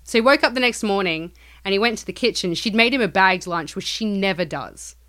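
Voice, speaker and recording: A woman's voice: mid-range voice, expressive, a little fast, a bit bright. A woman co-hosting a podcast, casually retelling a strange story with lots of swearing and acted-out quotes. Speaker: podcast co-host.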